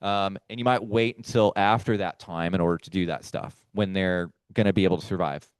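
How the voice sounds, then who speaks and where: A man gives a chatty talk to a room of listeners. His voice sits on the low side and comes across smooth and clear. It sounds dry and close, with no room echo. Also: steady tone, a little fast. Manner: conversational, chatty, addresses the audience directly. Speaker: firefly researcher giving a talk. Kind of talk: casual lecture to a live audience. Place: meeting room with a live audience.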